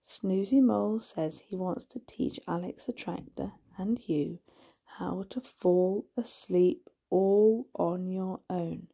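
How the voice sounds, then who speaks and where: A woman narrating a hypnotic bedtime story in a hushed voice, often slipping into a whisper and drawing out her words. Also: mid-range voice, vocal fry, breathy edge.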